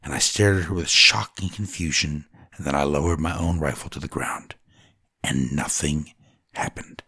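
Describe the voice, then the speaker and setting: A man narrating a dramatic first-person story in a solemn, deliberate way, at times dropping to a whisper. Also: rumbling low, pushed and bright, husky, no room sound, studio quality.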